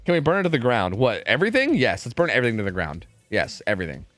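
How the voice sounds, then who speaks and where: A man's voice: medium pitch, sing-song, very fast, fairly bright tone, soft background music. A young man casting esports scrims live on stream, profane and trash-talking as he commentates.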